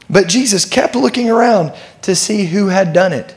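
A man's voice: sits high, expressive, brisk, few pauses. A man preaching a sermon, talking in a conversational, emphatic way and asking the listeners questions. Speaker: pastor.

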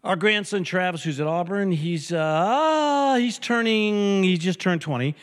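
An older man preaching a sermon as pastor, an animated storyteller who jokes and hammers points home with repetition. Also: high voice, unhurried. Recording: long hall reverb.

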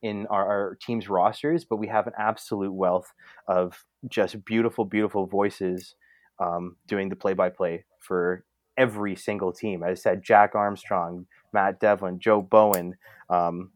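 This is a man, talking in a loose, rambling way full of "uh"s and restarts. His voice sits fairly low. The sound is dry and close, with no room around it. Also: fairly even intonation, unhurried, no room sound. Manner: rambling with many fillers and restarts. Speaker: podcast co-host. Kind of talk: casual sports chat.

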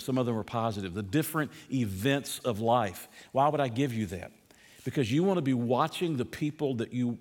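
An older man teaching a sermon as pastor, conversational, repeating himself and putting questions to his listeners. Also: mid-range voice. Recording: long reverb from a hall.

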